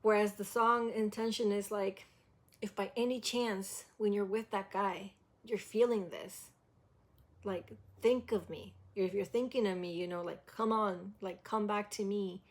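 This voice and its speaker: A woman's voice: medium pitch, steady tone, a little slow. A woman reacting to a vocal cover, casually critiquing the singing and often singing lines herself to show how they should sound. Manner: demonstrates by singing lines, filler-heavy "like". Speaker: music reaction host.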